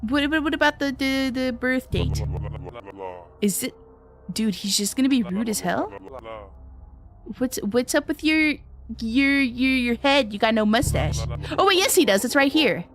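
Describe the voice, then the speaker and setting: A woman with a bright, high voice that leaps up and down as she streams a horror game. She reacts loudly and swears freely, tossing quick thanks to her viewers, while soft music plays behind her. Her pitch swings widely from line to line. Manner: loud animated reactions, frequent swearing; chatty, thanks viewers in passing. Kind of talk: live gameplay commentary.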